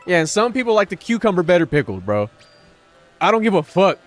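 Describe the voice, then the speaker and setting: A man with a high voice streams a game live. He rambles to his viewers, swearing freely and dripping with sarcasm. Faint music plays behind him. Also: very animated, brisk. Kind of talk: live-stream commentary while gaming.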